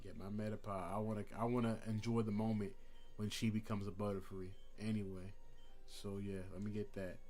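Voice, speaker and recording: A man's voice: lowish voice, little pitch movement, a little fast, darkish tone, soft background music. A young man streaming a game, chatting casually with slang and jokes. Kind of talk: casual gameplay commentary.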